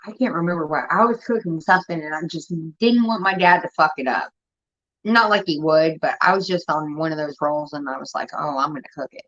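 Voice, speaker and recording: A young woman telling rambling, profane stories in casual chat, getting animated as she retells them. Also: low voice, brisk. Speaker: show host. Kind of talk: casual storytelling rant. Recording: dull lo-fi stream audio.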